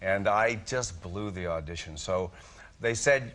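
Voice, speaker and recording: A man, a chat-show guest telling lively anecdotes and acting out scenes. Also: low-pitched, normal speed. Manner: animated storyteller, acting out scenes, laughing. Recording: studio audience and noise. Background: studio audience.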